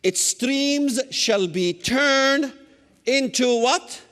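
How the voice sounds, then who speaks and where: A middle-aged man delivers a fiery sermon in a strikingly high, lively voice, with swooping pitch. He stresses his points with sudden shouts and teasing asides. His words ring out with a long hall echo. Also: a little slow. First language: Arabic. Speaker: preacher. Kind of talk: fiery sermon lecture on scripture.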